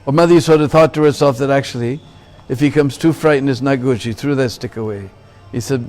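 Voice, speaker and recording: A man's voice: mid-range voice, brisk, few pauses, a little mellow, faint music behind. A man giving a temple sermon, telling a story and checking in with listeners by asking "Hmm?" and "Huh?". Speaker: religious lecturer.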